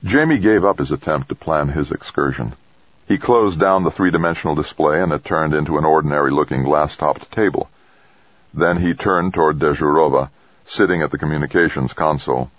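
A man narrating an audiobook in a measured, even storytelling manner. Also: a bass voice, no echo, lo-fi sound. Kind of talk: scripted narration.

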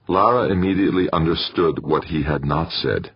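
Husky low-voiced male narrator, lo-fi. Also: moderate pace, no room sound. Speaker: audiobook narrator. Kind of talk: scripted narration.

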